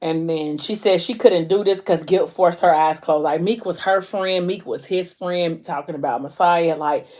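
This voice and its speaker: A woman's voice: on the low side, moderate pace, hardly any pauses, darkish tone. A woman vlogger casually retelling and discussing a novel in a chatty, slangy style full of fillers.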